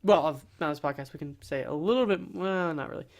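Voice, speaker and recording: A man's voice: on the high side, brisk. A man hosting a casual podcast and narrating an improvised story, rambling and correcting himself as he goes. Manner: rambling, self-correcting, easily flustered. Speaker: podcast host and game master.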